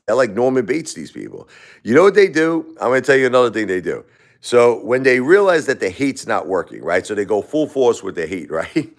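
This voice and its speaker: A grieving man hosting a livestream, rambling and repeating himself with emotion. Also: on the low side. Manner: repetitive, emotional, repeats phrases, chuckles between lines. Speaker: livestream host.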